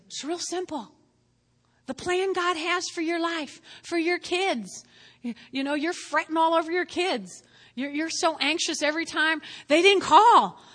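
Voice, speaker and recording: A middle-aged woman preaching a sermon, animated, repeating words for emphasis and often laughing. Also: high voice. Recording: long hall reverb.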